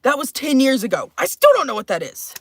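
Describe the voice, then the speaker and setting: A woman's voice: sits high, sing-song, brisk, no room sound. Profane, rambling woman in her thirties. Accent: mixed, shifting accents. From Texas. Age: 30s. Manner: profane, rambling, sighing often. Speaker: livestreamer. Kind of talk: casual livestream chat.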